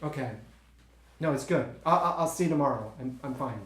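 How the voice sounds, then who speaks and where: A man's voice: medium pitch, fairly bright tone, natural voice. A man playing a stammering young stage actor. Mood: catty. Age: 20s. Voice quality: stammering, halting, full of restarts. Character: young male stage actor, insecure and easily frustrated. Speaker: actor in a one-man play. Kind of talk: solo stage monologue, talking to unseen partners. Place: theatre stage. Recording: roomy theatre sound.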